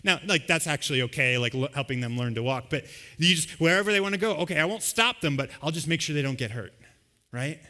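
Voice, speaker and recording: A pastor preaches to a live congregation at a church service, speaking loosely and conversationally as he acts out everyday scenes. His voice is fairly high, animated, fast, pushed and bright.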